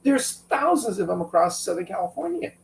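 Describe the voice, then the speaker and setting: Guy with high gravelly voice telling a story, sounds a bit far off the mic, faint hum behind. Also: brisk, roomy sound. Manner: animated, acts out quotes from friends. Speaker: business owner guest. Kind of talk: conversational interview storytelling.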